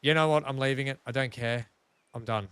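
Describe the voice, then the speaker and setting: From a room at home, this Australian streamer commentates casually on a building game, talking to chat and grumbling at his track in a self-mocking, frustrated way. His mid-range voice is a bit bright and fairly quick, and there's a little hiss or hum on the audio.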